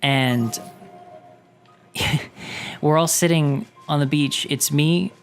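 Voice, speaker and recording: A man's voice: on the high side, steady tone, drawn-out words, loud music behind the voice. Rambling man telling a long story. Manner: rambling storyteller, self-interrupting, apologizes for going long. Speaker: host. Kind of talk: casual chat while playing a game.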